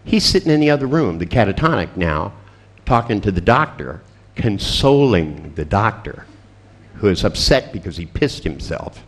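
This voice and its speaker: Animated, profane male storyteller. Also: fairly low pitch, moderate pace. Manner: profane, laughing storyteller acting out dialogue. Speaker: seminar speaker. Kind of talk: storytelling talk to an audience.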